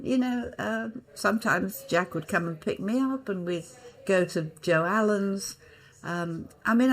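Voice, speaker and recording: An older actress from Hull telling theatre stories as an interview guest, vivid and theatrical, often slipping into voices. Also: female voice, sits low. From Hull, England. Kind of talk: anecdotal interview storytelling.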